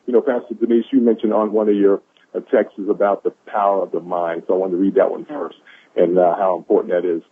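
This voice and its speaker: Husky man on a phone line. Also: deep voice, level tone, fast talker. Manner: enthusiastic, preachy, repeats lines for emphasis. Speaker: caller sharing quotes of the day. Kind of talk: motivational pep talk on a conference call.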